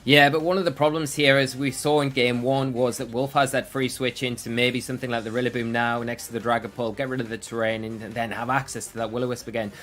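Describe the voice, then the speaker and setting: A man's voice: mid-range voice, flat delivery, fast talker, hardly any pauses, a bit bright. A man commentating a competitive game match, breaking down plays analytically and thinking aloud with frequent restarts. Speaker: esports commentator.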